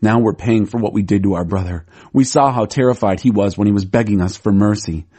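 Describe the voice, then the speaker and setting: A man's voice: fairly low pitch, brisk, mellow, breathy edge. A man voicing anxious, guilt-stricken brothers.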